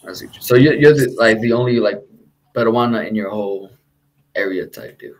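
A man with a light Texan accent hosts a casual chat in a slightly low voice. He talks in a relaxed, slangy way and swears freely. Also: fairly quick, low-quality recording. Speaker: podcast host.

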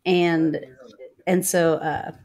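A woman co-hosting a podcast, introducing a guest in a relaxed, easygoing way. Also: low-pitched, very slow. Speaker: podcast co-host.

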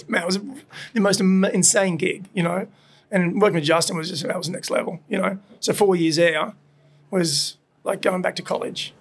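A middle-aged Australian man telling animated stories in a casual chat, swearing and laughing often as he recounts his past. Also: high voice, vocal fry. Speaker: podcast guest, burger restaurant owner. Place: his burger restaurant.

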